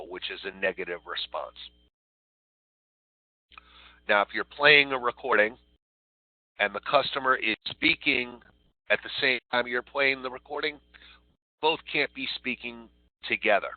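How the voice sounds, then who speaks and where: A man's voice: medium pitch, expressive, a little slow, pauses often, no room sound. Man training call agents over tinny audio. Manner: repeats "all right" and "so" while walking through steps. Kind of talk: instructional training talk. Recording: tinny phone-like recording.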